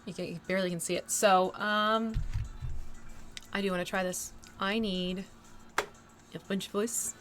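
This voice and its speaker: A woman hosting a casual painting livestream, thinking aloud as she works and answering her chat with bursts of excitement. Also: mid-range voice, normal speed, soft background music. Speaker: livestream host painting a miniature. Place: home art desk near an air conditioner.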